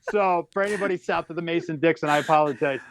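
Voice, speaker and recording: A man's voice: on the high side, fast talker, slight background noise. A middle-aged comedian telling a long personal story on a podcast, changing speed often as he goes. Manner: animated storyteller who shifts pace a lot. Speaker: guest comedian.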